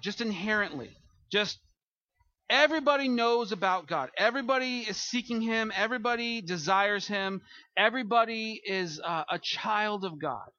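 A male pastor preaching with a high, bright voice. He is earnest, stumbles and repeats words as he goes, and lifts his voice to drive points home. The sound is dull and lo-fi. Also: no echo. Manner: earnest, repeats words and restarts, rises for emphasis. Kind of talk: sermon.

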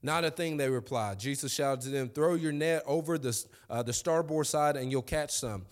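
A man preaching a sermon as pastor, swinging from quiet asides into loud, high, excited preaching. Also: normal speed. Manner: animated, rising to high excited pitch when preaching.

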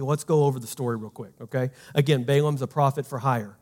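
A man preaching a sermon as pastor, emphatic and conversational, swinging from loud to hushed and asking the congregation questions. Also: mid-range voice, fairly even intonation, quick pace, hardly any pauses.

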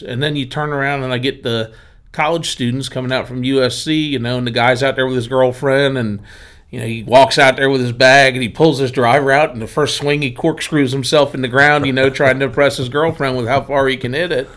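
A man's voice: mid-range voice, brisk. A man from Pennsylvania, a driving range owner, telling anecdotes in casual chat and acting out the quotes. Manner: animated anecdotes with acted quotes. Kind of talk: casual storytelling.

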